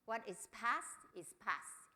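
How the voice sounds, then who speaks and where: A middle-aged woman giving a family seminar talk, telling stories and acting out quotes in a higher voice. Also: slow pace. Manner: animated storytelling, acts out quotes in a higher voice. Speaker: seminar speaker.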